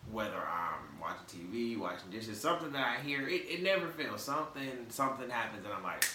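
A man's voice: on the low side, lively intonation, brisk, sharp tone. A man hosting a casual podcast, with a light Southern accent mixed with Detroit, talking loose and slangy with lots of restarts. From American South, raised in Michigan. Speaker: podcast host. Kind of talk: casual podcast chat on a live stream. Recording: echoey, distant mic with faint noise.

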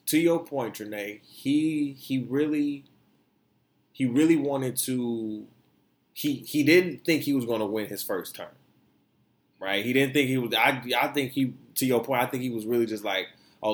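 A man hosting a podcast, ranting in casual opinion chat with profane, emphatic energy. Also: medium pitch. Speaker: podcast host.

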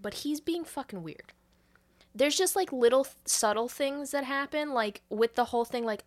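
A woman co-hosting a podcast, casually retelling a movie plot with loose, profane storytelling and quick laughs. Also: fairly high pitch, lively intonation. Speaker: podcast co-host recapping a movie. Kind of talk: casual chat.

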